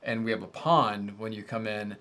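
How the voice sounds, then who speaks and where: A man's voice: lowish voice, fairly even intonation, normal speed, pushed and bright. Casting: thirties male host, easygoing livestream chatter, rambling and self-mocking. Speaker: host of an audio gear channel. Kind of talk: casual livestream chat.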